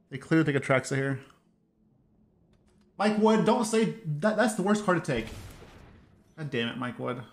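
A man's voice: medium pitch, fairly bright tone, reverberant. A man casually commentating his own card game stream, muttering to himself and chatting loosely with viewers. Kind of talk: casual live gameplay commentary.

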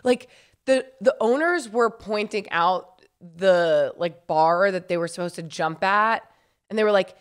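A woman's voice: mid-range voice, unhurried, smooth. A young woman co-hosting a podcast, chatting casually, laughing often and filling her talk with likes. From California. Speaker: podcast co-host. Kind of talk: casual chat.

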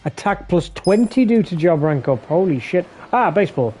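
A man giving casual live commentary while playing a game, sleepy and yawning, swearing often in a low-key way. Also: big pitch swings, moderate pace, a little mellow, faint music behind.

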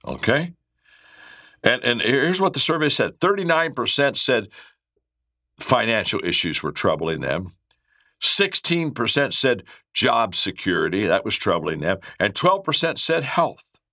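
A man's voice: mid-range voice, sing-song, a little slow, bright, forceful tone, no echo, clean studio sound. A man giving a motivational leadership talk, telling stories and acting out the characters' lines, often repeating words as he restarts. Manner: frequent word repeats and restarts. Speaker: leadership speaker.

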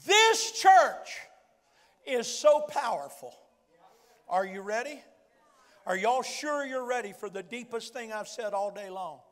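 A man with a West Virginian accent preaching a fervent Pentecostal sermon, telling a story with emphatic repetition and shouted declarations. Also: sits high, unhurried. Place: large church sanctuary. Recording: long hall reverb from church PA.

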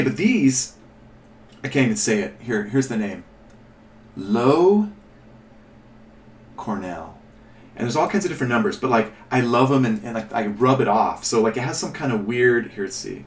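A man with a medium-pitched voice, speaking a little fast, hosts an informal tutorial on painting miniatures. He chats and thinks aloud, rambling and correcting himself, recorded by a distant mic in a room with echo.

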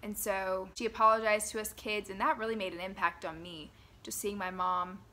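A young mother speaks at home in a clear, bright voice, her pitch sitting in an ordinary middle register. She tells family memories gently and earnestly, reflecting as she goes. The tone stays sincere throughout. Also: steady tone, normal speed. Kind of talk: personal reminiscence to camera.

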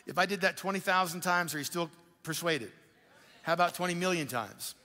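A male pastor preaching a sermon in a conversational, animated way, with quick asides to the congregation. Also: high-pitched, slight background noise. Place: church auditorium. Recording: live church hall with long reverb.

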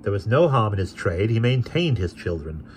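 A man voicing a kindly, thoughtful guardian who speaks in a gentle, measured way. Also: fairly low pitch, very animated, a little hiss or hum.

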